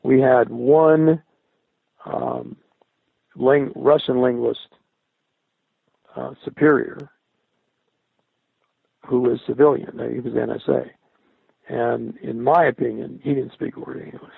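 An older man, a former military radio linguist, recalling his service in a halting interview style, often repeating and restarting words. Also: medium pitch, steady tone, vocal fry, husky, dry recording. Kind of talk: recollecting in an interview. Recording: dry, tinny phone-like sound.

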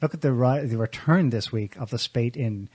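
A man's voice: mid-range voice, normal speed, a little mellow, slightly rough, no echo. A man co-hosting a talk show, giving casual, sardonic political commentary with pointed remarks and frequent restarts. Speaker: show co-host.

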